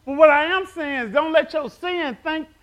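High, bright-voiced preacher. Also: male voice, moderate pace. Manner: fervent, storytelling, congregation call-and-response. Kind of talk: sermon.

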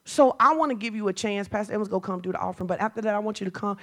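A woman pastor preaching a sermon, moving from chatty storytelling to loud, fervent declarations. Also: medium pitch, racing.

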